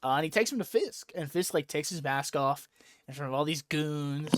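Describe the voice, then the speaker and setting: A young man hosting a podcast casually recaps a comic book story at normal speed, his voice somewhat high. He retells it with plenty of energy, acting out the quotes in an animated way. The sound is studio quality, free of room noise.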